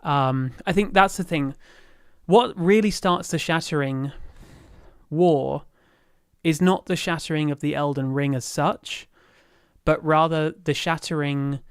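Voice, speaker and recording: Livestream host. Rambling and self-interrupting, with a smooth voice and a dry recording. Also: medium pitch, measured pace, no room sound. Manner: rambling and easily sidetracked; thinks aloud with many fillers and restarts. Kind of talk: casual lore chat on a livestream.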